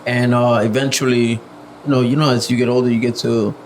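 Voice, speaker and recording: Soft-spoken reserved young man. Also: mid-range voice, little pitch movement, a little fast, a little hiss or hum, low-quality recording. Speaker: podcast guest, music producer. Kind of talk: casual interview chat.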